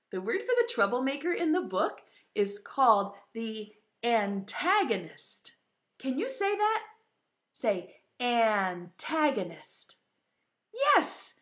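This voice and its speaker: A woman's voice: fairly high pitch, fairly bright tone. A woman teaching an online preschool lesson in a sing-song, encouraging way, stretching out key words for young children.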